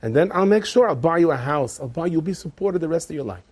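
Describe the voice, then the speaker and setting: A man voicing an older rabbi and father who pleads calmly and slowly with measured words. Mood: persuasive. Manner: slow, low and measured.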